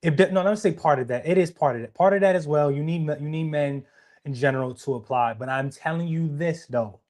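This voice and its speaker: A man's voice: on the high side, fast talker, darkish tone. Emphatic young man. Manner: emphatic, repeats himself. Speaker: podcast co-host. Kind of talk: casual conversation.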